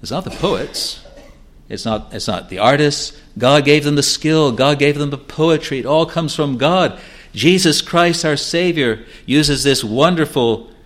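A man preaching a sermon, measured and emphatic, often repeating words and phrases. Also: mid-range voice, a bit bright. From New Zealand.

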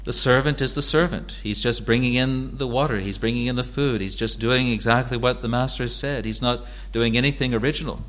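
A male pastor delivers a sermon in an earnest, measured tone at a middle pitch. He leans on repeated phrases and steady cadences, and now and then pauses mid-sentence before pressing on.

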